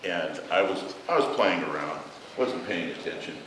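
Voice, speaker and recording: Brief: lower-voiced man, children's story time in church, heard from afar in a big echoey hall with room noise. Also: animated, moderate pace, distant mic. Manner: gentle storytelling to children, asking questions. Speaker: church children's message leader.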